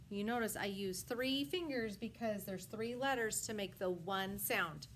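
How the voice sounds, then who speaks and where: Woman teacher sounding out words real slow for little kids, lots of "good job", bit of hiss behind. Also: mid-range voice, a bit bright. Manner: slow, sound-by-sound enunciation with frequent praise. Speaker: first grade teacher. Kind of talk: phonics lesson for young children.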